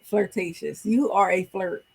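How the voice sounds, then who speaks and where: A woman's voice: mid-range voice, measured pace, creaky, a little mellow, husky. A woman co-hosting a casual podcast chat, talking in a reflective, advice-giving way. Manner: earnest, reflective, gives advice. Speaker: podcast co-host.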